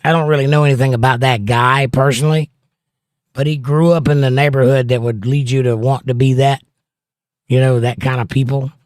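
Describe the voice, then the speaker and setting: A man at a middle pitch hosts a relaxed livestream, reading viewers' comments out loud and riffing on each one. His voice sits close and dry, with no room sound around it. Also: a little fast, no room sound. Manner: reads viewer comments aloud and riffs on them. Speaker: livestream host reading chat. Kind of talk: casual livestream chat.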